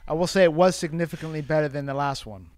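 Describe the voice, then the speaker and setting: Young man announcing turns, clear voice. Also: fairly high pitch, fast talker, darkish tone, no echo. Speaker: podcast co-host running the game. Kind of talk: casual chat, announcing segments.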